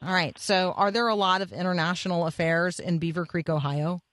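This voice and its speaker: A woman hosts a morning radio program, reflecting earnestly and pausing with small fillers as she talks. Her voice sits on the low side and sounds close and dry, with no room around it. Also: fairly even intonation, fairly bright tone, no room sound. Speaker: radio host. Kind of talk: devotional radio talk.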